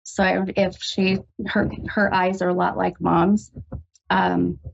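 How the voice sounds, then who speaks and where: Woman, psychic radio host, lightly gravelly, hesitant and comforting, muffled lo-fi sound. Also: on the low side, little pitch movement, slight background noise. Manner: halting, full of ums, gentle and reassuring. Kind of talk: call-in psychic reading. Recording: dull lo-fi radio recording.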